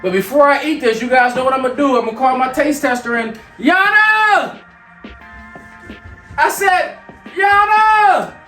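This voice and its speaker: A very high-voiced man from York, Pennsylvania, preaches motivation with energy and then slips into teasing banter. He sounds a little far from the mic in an echoey kitchen, with faint music underneath. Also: steady tone, fast, hardly any pauses, a bit bright. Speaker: motivational speaker and show host. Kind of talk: casual motivational talk while cooking.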